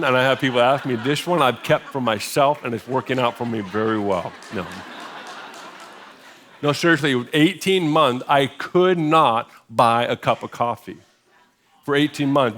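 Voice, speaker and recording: A middle-aged American pastor preaching in a church, telling a personal story in a conversational way with self-deprecating humor. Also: male voice, medium pitch, a bit bright. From United States. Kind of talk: sermon storytelling. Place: church sanctuary.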